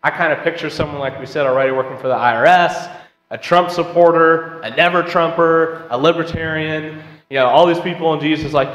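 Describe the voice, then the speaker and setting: A man's voice: on the high side, fast, a bit bright. A man leading a church Bible class, chatting with the class, asking questions and reading scripture aloud. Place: church auditorium. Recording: roomy hall with long reverb.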